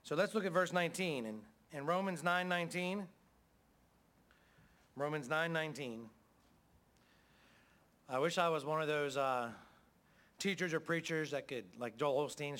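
A man's voice: a little high, moderate pace, pauses often, a bit bright. A middle-aged man preaching a sermon as pastor, in a folksy, conversational way with frequent calls of amen.

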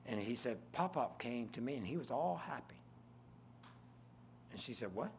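An older man preaching an informal sermon, full of folksy stories and swinging between loud and hushed. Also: mid-range voice, lively intonation, moderate pace, creaky, a little hiss or hum.

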